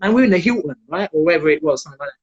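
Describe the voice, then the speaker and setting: A man, a former MMA fighter, telling lively stories casually as a guest and acting out quotes in a raised voice. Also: on the high side, very fast, slightly rough. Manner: animated, acts out quotes in raised voice. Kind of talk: casual storytelling on a livestream. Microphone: video call. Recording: dull lo-fi livestream audio.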